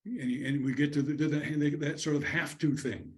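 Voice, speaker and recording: A man with a higher-sounding voice lectures at an online conference about counseling students, recorded over a video call. He talks conversationally at a moderate pace and steady tone, acting out lines a student and a counselor might say.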